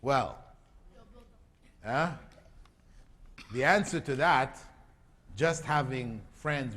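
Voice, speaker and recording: A man's voice: a little high, expressive, slow, long pauses, fairly bright tone. A man giving a religious lecture to a live audience, often quizzing the listeners with repeated questions. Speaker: Islamic lecturer. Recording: long hall reverb.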